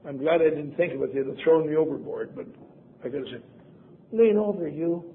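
A man's voice: mid-range voice, quick pace. An older man from Wisconsin telling a personal story with wry, self-deprecating humor. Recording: tinny phone-like sound, faint noise.

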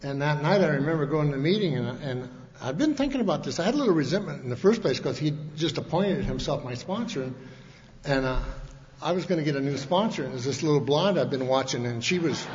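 A man tells a long personal story to a meeting in a folksy, rambling way. He breaks off and restarts often. His voice sits a little high for a man, and the dull, lo-fi recording rings with hall echo. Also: animated, fast talker, a little mellow. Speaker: speaker at a recovery meeting. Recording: echoey hall, dull lo-fi sound, faint hiss.

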